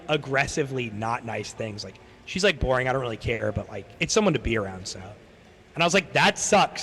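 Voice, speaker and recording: A man's voice: mid-range voice, fairly bright tone. Rambling swearing man streamer, echoey. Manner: rambling, swears a lot, acts out quoted people. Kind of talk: casual storytelling chat. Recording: long hall reverb.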